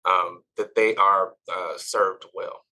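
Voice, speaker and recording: A man in his forties, a podcast guest, explaining his work in a relaxed way with many "um"s. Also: low-pitched, slow, poor audio. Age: 40s. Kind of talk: casual interview.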